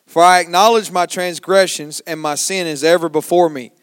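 A man in a congregation reading scripture aloud in a loud, measured recitation. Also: fairly high pitch, fairly even intonation, clean tone, no echo. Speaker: scripture reader.

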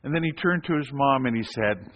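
A man, a hospital chaplain, telling a story in an animated storytelling sermon and acting out voices. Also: medium pitch, a little fast. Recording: echoey hall, dull lo-fi sound.

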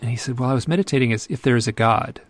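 A man, an author and podcast guest, telling a story in a loose, animated way with many restarts. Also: medium pitch, rapid-fire, dry recording. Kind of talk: conversational storytelling.

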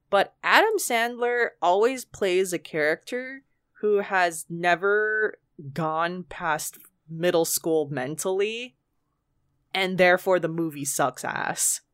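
A woman's voice: mid-range voice, expressive, slow pace, a bit bright, dry recording, studio quality. A woman chatting casually on a podcast, blunt and swearing often, with plenty of fillers.

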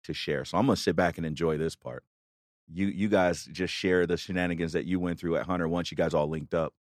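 Man, very low voice, relaxed podcast host, dry close mic. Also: fairly quick, dry recording. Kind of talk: casual interview chat.

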